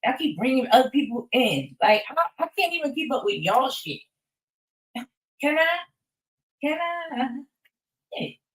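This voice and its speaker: A woman's voice: high-pitched, sing-song, a little slow, pauses often, roomy sound. A woman chatting on a casual livestream, rambling and swearing freely as she talks straight to her viewers. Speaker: livestream host. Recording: voice a bit distant from the mic.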